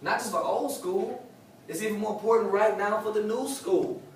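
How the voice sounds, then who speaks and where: A man delivers a live motivational talk to a room, preachy and fond of saying his points twice. His somewhat high voice comes from away from the mic and rings through a very echoey hall. Faint room noise sits under it. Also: moderate pace, distant mic. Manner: preachy, repeats key lines for emphasis. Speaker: motivational speaker at a sales meeting.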